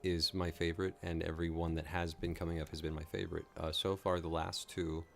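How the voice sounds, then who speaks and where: A man's voice: deep voice, level tone, a little fast, creaky. A man hosting a late-night reaction stream, tired and rambling, joking and laughing at himself as he chats casually. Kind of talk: casual commentary.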